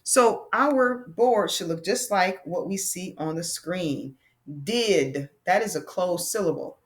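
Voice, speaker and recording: Slow, patient woman teaching phonics. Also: fairly low pitch, expressive. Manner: slow, patient, sounding out words for children. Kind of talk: classroom phonics lesson.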